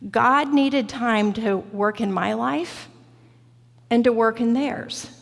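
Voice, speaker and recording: A woman preaching a reflective, personal sermon in a church sanctuary, slow and deliberate. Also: a little high, creaky. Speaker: guest preacher. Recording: church hall reverb.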